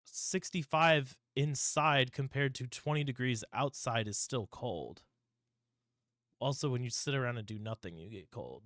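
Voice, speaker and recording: A man's voice: mid-range voice, expressive, measured pace, a bit bright, dry recording, studio quality. A young man from the northern United States with a lingering cough, teasing and swearing as a podcast co-host. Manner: teasing, profane and mocking. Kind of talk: casual podcast chat.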